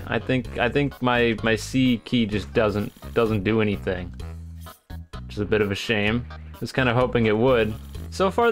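Sarcastic man commenting on gameplay. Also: mid-range voice. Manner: dry sarcastic, mocking, muttering asides. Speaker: gaming YouTuber.

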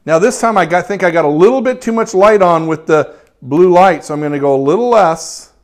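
A cheerful man with a fairly high voice for a man walks viewers through a photography demo as he works. He keeps up a friendly running chatter full of quick praise and is eager to encourage his audience. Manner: upbeat and chatty, lots of praise words. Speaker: photography teacher hosting a live stream. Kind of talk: live demo, talking while working.

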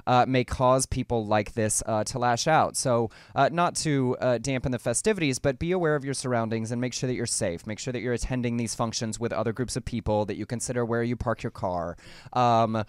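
A young adult man from the American South, co-hosting and giving earnest, measured news commentary. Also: medium pitch, clear, resonant tone, no echo. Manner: earnest, measured, fluent argument. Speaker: co-host.

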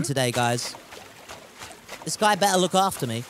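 A man's voice: high voice, lively intonation, moderate pace, pauses often, fairly bright tone, a little hiss or hum. A man casually commentating his gameplay, rambling and joking as he chats with viewers. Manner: rambling, jokey, chatty with viewers. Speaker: game streamer.

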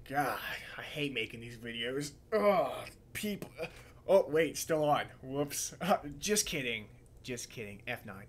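A man's voice: mid-range voice, animated, a little slow, slight background noise. A young American man, goofy and rambling, doing gameplay commentary for his channel and tossing off silly rhymes. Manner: goofy, rambling, rhyming asides. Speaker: gaming channel host. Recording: game music underneath. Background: background game music.

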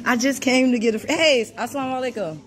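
A woman filming a dispute on her phone inside a store, loud and indignant, calling out to bystanders. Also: high-pitched, quick pace, over music, crowd noise. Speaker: customer filming a confrontation. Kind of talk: live phone recording of a dispute. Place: indoor retail store. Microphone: phone camera held by the speaker.

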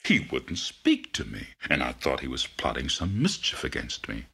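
A man doing a low, grumbling python. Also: huge pitch swings, moderate pace, creaky, pushed and bright, breathy edge, heavily acted. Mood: sulky. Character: sulky, suspicious male python.

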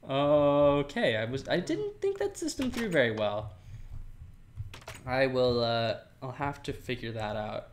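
A man's voice: medium pitch, very animated, unhurried, slight background noise. Rambling, giggly young man playing a game. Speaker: Minecraft let's player. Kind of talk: casual gameplay commentary.

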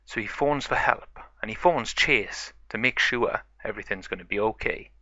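A man's voice: mid-range voice, normal speed, bright, forceful tone, no room sound, highs cut off. A man improvising a toy play story, narrating it in a chatty, plain way.

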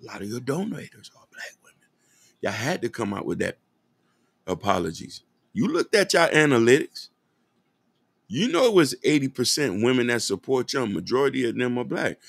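Gravelly, earnest man ranting. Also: medium pitch, sing-song, normal speed, no room sound. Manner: earnest, direct, addresses listeners as y'all. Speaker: podcast host. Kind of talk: impassioned commentary monologue.

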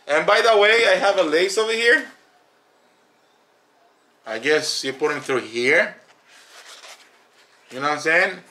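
A man with a fairly high, bright, forceful voice gives a casual product review for a family channel. He talks in an emphatic, animated way and repeats words to drive a point home. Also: measured pace, pauses often.

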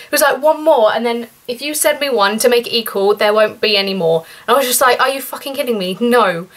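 A young woman vlogging to her camera in a casual story-time style. Her voice sits a touch high for a woman and climbs sharply when she gets indignant. She talks in a loose, chatty way full of asides. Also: a little fast, a bit bright. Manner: chatty and indignant, rising pitch when outraged.

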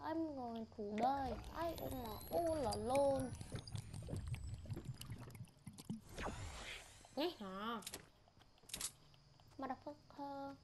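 Woman doing a high, brash cursing gamer bit, loud and sing-song. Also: creaky, a little hiss or hum.

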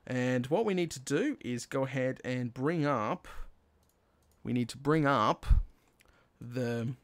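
A man narrating his own Minecraft play, talking himself through each step and bursting into excited shouts when things work. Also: medium pitch. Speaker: gaming channel host. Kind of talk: Minecraft let's play commentary.

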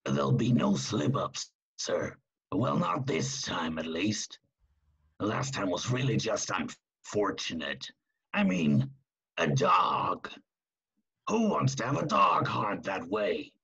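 Homme qui joue un tueur simplet et bavard, rocailleux, lent et très traînant. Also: male voice, lowish voice, very animated, slow pace, a bit bright, highs cut off, heavily acted. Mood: rambling. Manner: rambling, eager to please, gravelly. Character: dim-witted male hired killer, chatty. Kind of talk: amateur video-call play.

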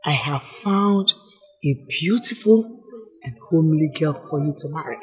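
A Nigerian woman playing a domineering, scheming mother who pushes her son to remarry, speaking loudly and emphatically. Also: deep voice, lively intonation, moderate pace, husky, heavily acted. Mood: persuasive. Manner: loud, emphatic, cajoling. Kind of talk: Nollywood film acting.

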